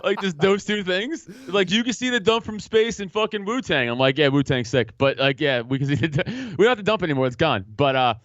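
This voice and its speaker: Animated high-voiced New man. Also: a little fast, few pauses, no echo, highs cut off. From Staten Island, New York. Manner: profane, animated storytelling, laughs often. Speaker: podcast guest. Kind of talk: casual chat.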